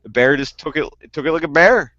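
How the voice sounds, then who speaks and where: A man chatting casually as a podcast guest, telling stories animatedly and jumping up loud for the punchlines. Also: a little high, fairly quick, dry recording, lo-fi sound. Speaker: guest panelist.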